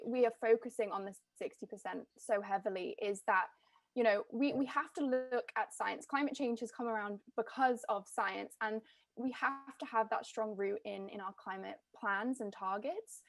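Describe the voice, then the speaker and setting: A woman's voice: fairly high pitch, normal speed, creaky, dry recording. A woman with an English accent, a climate activist speaking earnestly as a panelist over a video call, with frequent fillers and restarts. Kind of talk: panel discussion.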